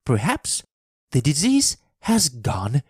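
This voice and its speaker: A man's voice: medium pitch, wildly swooping pitch, slow pace, darkish tone, slightly rough, no echo, studio quality, voice pushed up, exaggerated voice. A man voicing a selfish, bad-tempered girl of about nine in a storybook reading, speaking crossly and demandingly. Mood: wondering. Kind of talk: storybook reading with character voices.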